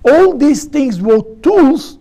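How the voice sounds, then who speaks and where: Casting note: a man, very high voice, animated Torah teacher who acts out quotes and restarts his sentences. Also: takes it slowly. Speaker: rabbi teaching a study group. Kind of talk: Torah study class.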